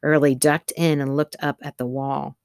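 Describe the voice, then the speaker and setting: A woman narrating a novel in a steady, measured storytelling manner. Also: a bass voice, vocal fry, smooth, no echo, studio quality. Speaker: audiobook narrator. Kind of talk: scripted narration.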